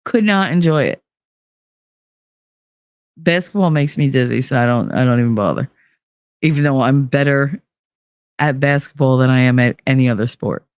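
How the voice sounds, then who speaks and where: A woman's voice: a bass voice, normal speed, long pauses, smooth, no echo, studio quality. A woman hosting a podcast, talking casually and candidly in a monologue with plenty of swearing. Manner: candid, animated, swears freely. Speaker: podcast host.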